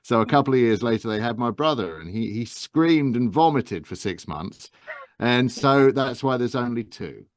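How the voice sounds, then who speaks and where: A man in his fifties from England's Medway Towns with a softened Estuary accent, talking gently and modestly in an interview, with many fillers and restarts. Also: medium pitch, expressive, moderate pace, no echo, clean studio sound. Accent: softened Estuary English. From England, Medway Towns south of London. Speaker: guest, actor and narrator. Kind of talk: casual interview talk.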